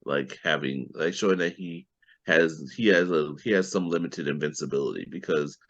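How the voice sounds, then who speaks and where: A man's voice: a bass voice, normal speed, a bit bright, highs cut off. A man co-hosting a podcast, chatting casually about a TV episode with jokey asides and mock quotes. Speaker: podcast co-host. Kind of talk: casual TV recap chat.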